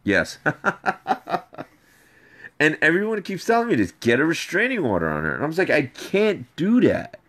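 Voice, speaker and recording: A man in a played clip tells a rambling personal story, animated and repetitive. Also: fairly high pitch, fairly quick, long pauses. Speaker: video subject ranting about an ex.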